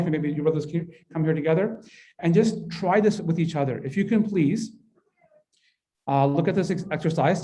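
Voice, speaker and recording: A man's voice: fairly high pitch, dark tone. A man leading a parenting workshop in a mosque hall, talking conversationally and often checking in with the audience. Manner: conversational, keeps asking the audience "right?". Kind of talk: interactive workshop talk.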